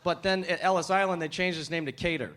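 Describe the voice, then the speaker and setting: A man from the United States doing a stand-up comedy set with punchy, animated delivery and sudden shouts, on stage before a live audience. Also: a little high, fast talker. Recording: live show with loud crowd and noise.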